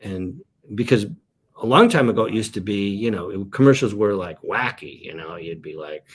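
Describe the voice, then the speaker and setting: A man's voice: fairly low pitch, lively intonation, moderate pace, slightly rough. A man, a comedian and actor, chatting as a guest in a casual interview and telling meandering stories.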